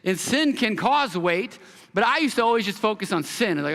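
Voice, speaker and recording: A man preaching a sermon as pastor, telling a story with animated quoted voices. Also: high voice, a little fast. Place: church hall. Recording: long hall reverb.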